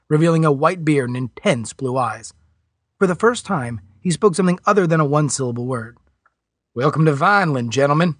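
A man reading a novel aloud as a narrator, in a steady storytelling delivery. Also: medium pitch, breathy edge, no echo, clean studio sound. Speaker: audiobook narrator. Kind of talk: scripted narration.

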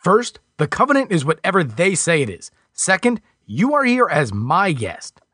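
A man narrating an audiobook voices a stern, seasoned male scholar who speaks firmly and in measured steps. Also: high-pitched, huge pitch swings, sharp tone, no room sound, studio quality, voice pushed up, full character voice. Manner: firm, measured.

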